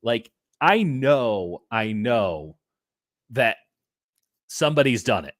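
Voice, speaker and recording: A man hosting a casual sports podcast, talking with animated swings between loud and soft. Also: medium pitch, slow pace, no echo, studio quality. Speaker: podcast host.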